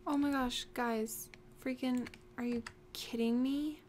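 High, excitable young woman gaming. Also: slow, a little hiss or hum. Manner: excitable, gasping and exclaiming often. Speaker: let's play host. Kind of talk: casual gameplay commentary.

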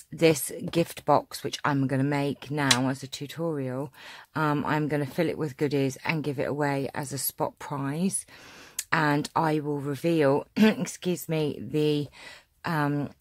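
A woman from England hosting a casual craft tutorial, chatty and homely, slightly hoarse and often clearing her throat. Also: sits low, no room sound. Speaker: craft channel host.

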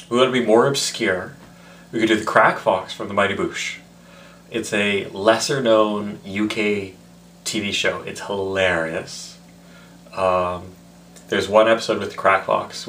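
A man's voice: fairly low pitch, steady tone, unhurried, fairly bright tone, a little hiss or hum. A tipsy man rambling in a casual, self-mocking vlog. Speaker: vlogger.

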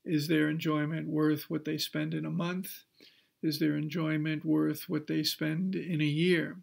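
A man lectures at a counseling workshop in a measured teaching voice, pausing now and then on small fillers. His voice sits a little high and carries a gravelly fry. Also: little pitch movement.

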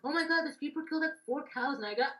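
A woman's voice: high-pitched, rapid-fire, fairly bright tone, distant mic, a little hiss or hum. A woman in casual let's play chat with a friend, giggly and joking. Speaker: gamer. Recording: roomy echo.

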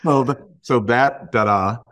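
A middle-aged man, a guest artist, telling stories in a relaxed, chuckling way on a video call. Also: mid-range voice, measured pace, dry recording, studio quality. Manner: laid-back, chuckling storyteller. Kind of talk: casual interview chat.

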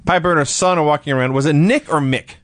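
A man's voice: on the high side, fast, no room sound. A man co-hosting a casual podcast, retelling events in a storytelling way and laughing often. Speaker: podcast co-host. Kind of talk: casual wrestling recap chat.

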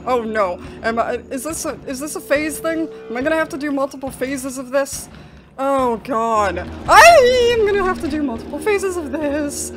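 High-voiced woman, panicked horror gameplay commentary. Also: expressive, a little slow. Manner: panicky, jittery, breaks into nervous laughs. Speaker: gaming video host. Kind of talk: horror game let's play commentary. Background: game music.

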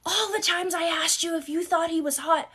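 A shrill, jealous husband hurls accusations in a high, strained voice, as a woman mimics him. The tone is mocking and ranting, pitched well above a normal speaking voice. The sound is noticeably different from the speaker's own. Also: fairly even intonation, moderate pace, a bit bright. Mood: accusing.

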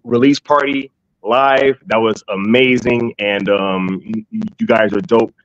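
A man's voice: fairly low pitch, steady tone, unhurried, no echo. Hyped slangy male guest, dull dry mic. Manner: hyped, slangy, stammers a little. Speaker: guest from another channel. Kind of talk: casual live-stream chat.

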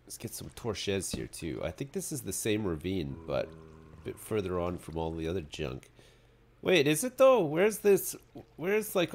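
A man streaming live gameplay, commenting in a sarcastic way and swearing freely as he plays. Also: deep voice. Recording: faint background noise.

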